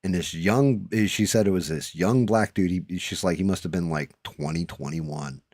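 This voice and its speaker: Male host, very low voice, salty casual storyteller, dry mic. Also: normal speed, darkish tone, no echo. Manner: profane storytelling, drawling. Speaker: streamer host. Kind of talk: casual chat.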